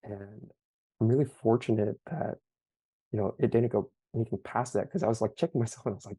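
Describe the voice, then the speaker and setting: A young man giving halting, emotional personal testimony as an interview guest, full of fillers. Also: lowish voice, fairly even intonation, mellow, slightly rough, no room sound.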